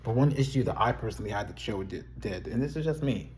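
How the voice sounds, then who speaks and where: A man's voice: mid-range voice, lively intonation, quick pace, darkish tone, a little hiss or hum. A man in a casual video, giving blunt, profane opinions in a rambling, candid way. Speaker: video creator reviewing a TV show. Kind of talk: casual chat.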